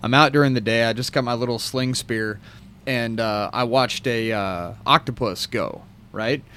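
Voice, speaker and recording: A man's voice: mid-range voice, normal speed, a little hiss or hum. A man co-hosting a casual podcast, telling stories and acting out the people he quotes. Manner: animated storyteller, acts out quoted voices. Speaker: podcast co-host. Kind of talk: casual storytelling.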